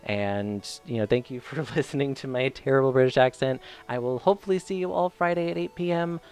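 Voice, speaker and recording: A man's voice: medium pitch, brisk, darkish tone, clean tone, faint music behind. A young man chatting casually on his game stream, self-deprecating and full of fillers.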